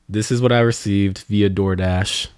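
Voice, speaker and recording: A man's voice: fairly low pitch, fairly even intonation, moderate pace, darkish tone. A young man co-hosting a podcast, telling a story in casual chat, with plenty of swearing and exasperated outbursts. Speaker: podcast co-host.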